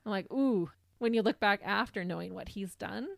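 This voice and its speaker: A woman co-hosts a true crime podcast and reads through the case in a steady, measured way, stopping to chat with her co-host. Her voice sits at a middle pitch. It is recorded close and dry, with no room around it. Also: creaky, dry recording. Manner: reads the case in measured narration, with laughs between.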